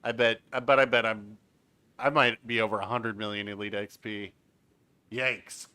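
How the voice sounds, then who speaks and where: Bright-voiced chatty male game streamer. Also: on the low side, fairly even intonation, moderate pace, clear, resonant tone, dry recording. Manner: chatty, reads out chat, explains game mechanics. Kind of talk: casual live-stream commentary.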